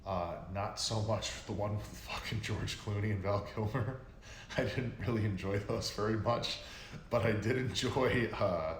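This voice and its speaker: Man, low-ish voice, casual stream host, rambling and swearing, echoey room with faint noise. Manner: rambling, profane, gets worked up. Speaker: livestream host. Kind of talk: casual chat with viewers.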